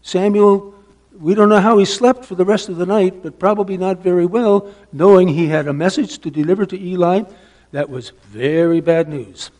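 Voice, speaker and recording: A man preaching a sermon, emphatic, asking rhetorical questions and dropping to a hush for stress. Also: high voice, normal speed. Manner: asks the listeners rhetorical questions.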